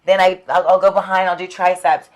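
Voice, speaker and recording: A young adult woman, a fitness trainer, chatting in an interview, an animated storyteller who laughs often and swears freely. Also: fairly low pitch, fairly quick. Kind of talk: casual interview chat.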